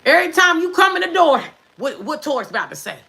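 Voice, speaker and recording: Brash, profane woman with bright lively voice. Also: high-pitched, fast talker, gravelly, poor audio. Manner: brash, profane and sassy, talking straight to viewers; emphatic, with sudden drops to mutters. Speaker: tarot reader. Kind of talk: live tarot reading monologue.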